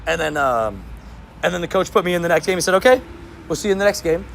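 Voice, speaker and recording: A young man streaming, telling sports stories in a casual, animated way, laughing and repeating himself. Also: sits high, fast talker, gravelly, a little hiss or hum. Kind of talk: casual livestream storytelling.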